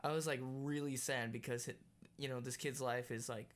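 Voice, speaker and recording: A young man co-hosting a casual podcast, talking in a relaxed, earnest way with lots of filler words. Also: mid-range voice, normal speed. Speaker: podcast co-host. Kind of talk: casual chat.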